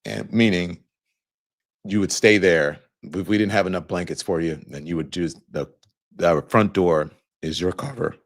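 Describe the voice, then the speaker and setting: A man in his fifties with a very low, deep voice hosts his show and talks straight to his viewers. He tells a story at an easygoing pace, with loose phrasing and plenty of filler words. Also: moderate pace. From Louisiana, US. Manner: relaxed storytelling, conversational, many fillers. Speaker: show host. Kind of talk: casual monologue to viewers.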